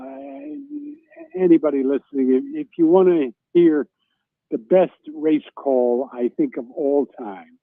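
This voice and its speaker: A man's voice: medium pitch, no echo. Man telling a racing story over the phone. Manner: animated anecdotal storytelling, acts out shouts. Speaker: guest, former racing reporter. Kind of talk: storytelling on a radio talk show. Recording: dry tinny phone line.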